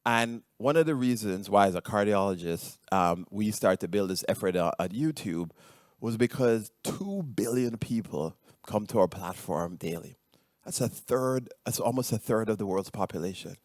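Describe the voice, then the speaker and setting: A middle-aged man with a Jamaican accent speaks in a very low voice, giving a conference presentation. He stumbles through plenty of ums and restarts as he goes. The sound is close and dry, with no room around it. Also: lively intonation, moderate pace, darkish tone, dry recording. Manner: hesitant, many ums and restarts.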